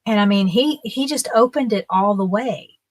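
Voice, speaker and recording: A woman in her fifties chats as a livestream guest and tells personal stories in a casual, rambling way. She laughs often as she talks, and her voice sits at a middle pitch. The sound is dry and close, with no room echo. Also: moderate pace. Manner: chatty, laughs often while telling stories. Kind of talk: casual storytelling.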